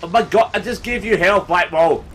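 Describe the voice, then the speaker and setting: A young Scottish man commentating his gameplay live, excitable and sweary, often bursting into yelling. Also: sits high, normal speed, noisy background. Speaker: gaming YouTuber. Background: game music.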